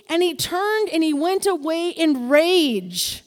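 Female preacher, high voice, lively sermon delivery, hall reverb. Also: slow. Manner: expressive, calls for congregation responses. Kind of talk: sermon with scripture reading.

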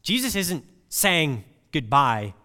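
A man preaches a sermon in a church sanctuary, his fairly high voice rising and falling with lively swings. He talks in a conversational way and weaves personal stories into the scripture. A long hall reverb trails after his words. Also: takes it slowly.

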